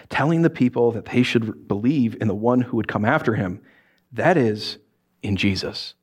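A man preaching a sermon, reading scripture and telling stories with lively, acted-out voices. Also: medium pitch, slightly rough. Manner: animated storytelling with acted-out voices.

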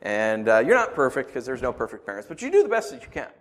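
Male pastor, 30s, lively sermon delivery with big pitch swings, loud bursts and hushed asides. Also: fast talker. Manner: animated, swings from loud outbursts to quiet asides.

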